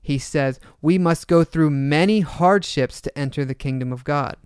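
A man's voice: fairly high pitch, moderate pace, a little mellow, smooth, no echo. Man, Bible podcast co-host, earnest exhorter, dry close studio sound. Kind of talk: scripted Bible teaching.

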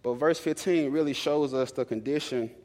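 Set in a big church hall full of long reverb, this sermon comes from a young man whose darkish voice sits mid-range for men. Moving at a moderate pace, he tells stories conversationally and keeps repeating key lines for emphasis.

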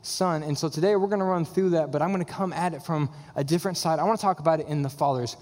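A young man, a worship leader, preaching a sermon in a church with an excited, chatty manner. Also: on the high side, fast. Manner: enthusiastic, chatty, filler-heavy. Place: church sanctuary. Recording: long reverb of a church hall.

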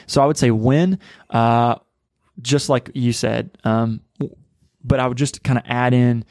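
A man's voice: mid-range voice, fairly even intonation, unhurried, darkish tone, dry recording, studio quality. A man who is a pastor co-hosting a podcast, talking earnestly and conversationally with many fillers. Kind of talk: casual podcast discussion.

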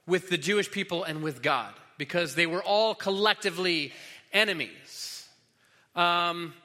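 Long reverb from a big hall surrounds a man preaching as pastor, teaching in a loose style full of fillers and restarts. His voice is high and sharp in tone.

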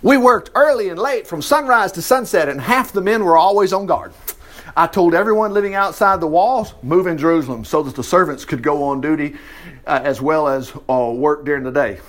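A man preaching a sermon, reading scripture aloud and breaking in with folksy, animated asides and acted-out voices. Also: fairly high pitch, brisk.

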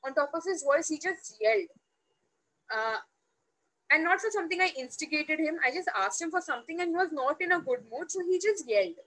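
A woman's voice: very high-pitched, fairly quick, rough recording. A woman, telling personal stories as an interview guest, acting out quoted dialogue in a loose, restarting way. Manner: animated, acts out quoted dialogue; loose, restarting, many fillers. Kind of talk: personal storytelling.

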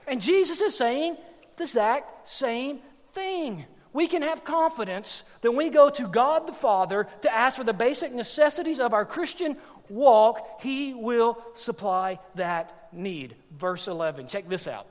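Animated high-voiced preacher in a hall. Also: male voice, moderate pace. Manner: animated, joking, swings from loud to hushed. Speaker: pastor. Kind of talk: sermon.

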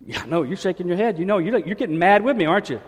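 A pastor preaching from the pulpit of a church, spinning a funny personal story with lively, joking energy. His voice sits a bit high for a man. A long hall echo trails after his words. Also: racing, slightly rough. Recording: echoey hall.

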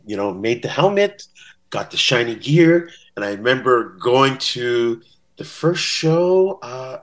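A man chats as a guest on a podcast and tells stories with real energy. His voice sits in the middle range. He slips into different voices when he quotes people. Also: medium pitch. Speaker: podcast guest, bass-playing fan. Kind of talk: casual interview storytelling.

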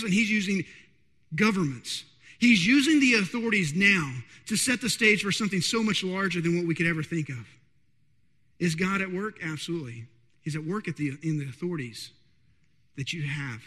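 A male pastor with a high, bright, forceful voice delivers a sermon in a large sanctuary, and the sound rings with long reverb. He keeps checking in with the congregation with quick questions. He moves between hushed, stretched-out lines and louder bursts.

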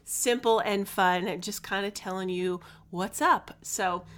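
A woman's voice: medium pitch, slow pace, a bit bright. A woman in her forties hosting her own podcast, chatting candidly and tiredly about her stress, with laughs and sassy asides. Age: 40s. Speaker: podcast host and life coach. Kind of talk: casual chat. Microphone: podcast microphone.

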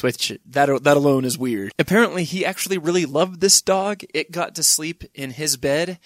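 A man's voice: mid-range voice, fairly bright tone, no room sound, studio quality. A man hosting a podcast, chatting casually in a rambling, digressive way and laughing at times. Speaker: podcast host. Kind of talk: casual chat.

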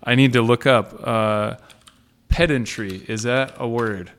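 A man's voice: mid-range voice, steady tone, measured pace, fairly bright tone. A man hosting a casual conversation, curious and self-deprecating, asking his guest questions.

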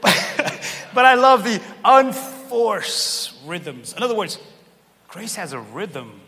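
A man preaching a sermon in a church, animated and joking, pulling the crowd in with questions. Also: high-pitched, slow pace. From Cape Verdean heritage. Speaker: pastor. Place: large church hall. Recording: long church hall reverb, faint room noise.

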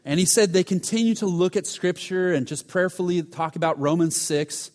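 Storytelling preacher in a reverberant hall. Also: male voice, fairly high pitch, normal speed, hardly any pauses. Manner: storytelling, drops to a hush for dramatic moments, frequent restarts. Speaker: pastor. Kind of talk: sermon.

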